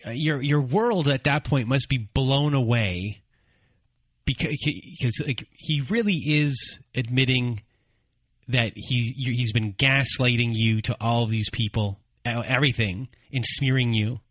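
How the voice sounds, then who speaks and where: A man hosting a podcast, asking a guest questions in a halting, thoughtful way with restarts. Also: medium pitch, fairly bright tone, no room sound. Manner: halting, restarts as he thinks aloud. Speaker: podcast host. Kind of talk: interview questions.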